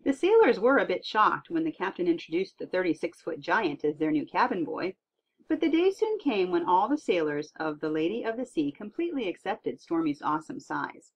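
A woman reading a tall tale aloud in an expressive storytelling manner. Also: fairly low pitch, normal speed, slightly rough. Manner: lively expressive read-aloud. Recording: dull lo-fi recording.

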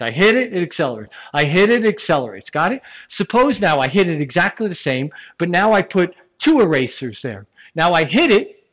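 A science lecturer teaches a classroom full of students in an animated, emphatic way. The lecturer poses rhetorical questions and slips in jokes. The recording is dull and lo-fi, as if taped in the lecture room. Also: medium pitch.

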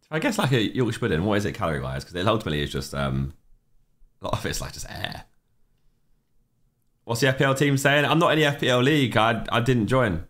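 Man, young adult, casual stream chat, low voice, rambling, answers chat offhand. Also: a bit bright. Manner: rambling, reacts to chat messages with offhand opinions. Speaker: livestreamer.

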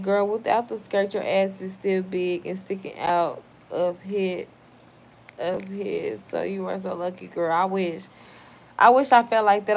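A tipsy young woman hosting a livestream, reading chat messages aloud and snapping back at chatters in a brash, profane way. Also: mid-range voice. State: tipsy from wine.

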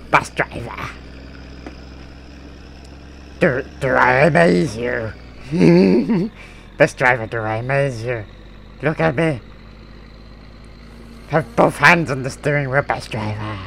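A man's voice: medium pitch, expressive, slow, gravelly, pauses often, fairly bright tone, a little hiss or hum. A man giving casual, playful gameplay commentary, giggling often and putting on a silly voice to tease a game character. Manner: puts on a silly voice. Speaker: gaming video creator.

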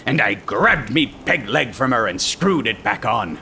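A man narrating a comic short story in the first person as a gruff pirate, using pirate grammar with dry comic timing. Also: medium pitch, big pitch swings, measured pace, sharp tone, slight background noise.

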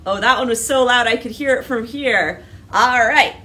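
A woman's voice: on the high side, normal speed, far from the mic, background noise. A woman who is a children's librarian hosting a virtual storytime. She talks and sings playfully to young listeners and then reads a picture book aloud. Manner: animated, playful, sings a call-and-response song.

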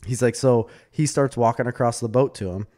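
A man's voice: medium pitch, brisk. A man co-hosting a podcast, casually reviewing a movie and retelling anecdotes with laughter. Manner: animated storyteller, retells anecdotes with quoted voices; laughs often. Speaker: podcast co-host.

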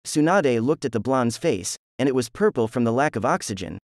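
A man narrating a fan fiction story in a plain, steady reading voice with offhand asides. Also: mid-range voice, a little fast, no echo, studio quality.

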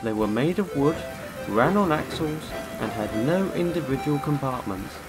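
A man narrating a children's storybook in an expressive way. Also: fairly high pitch, moderate pace. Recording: music underneath.

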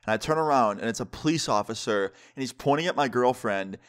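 A young man narrating a casual storytime vlog, animated and emphatic, with casual slang. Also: mid-range voice, brisk, clean tone. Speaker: vlogger telling a story.

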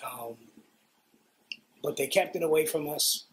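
Man, New York accent, middle-aged, profane animated storyteller, higher pitch. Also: unhurried, a little hiss or hum. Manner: profane, animated, acts out quotes. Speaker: interviewee, guitarist. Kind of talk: casual storytelling.

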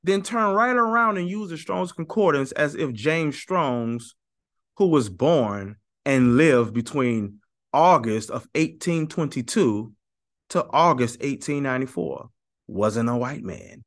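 A man's voice: medium pitch, lively intonation, takes it slowly. A man giving heated talk-to-camera religious commentary, emphatic and sarcastic, repeating his points and speaking straight to viewers.

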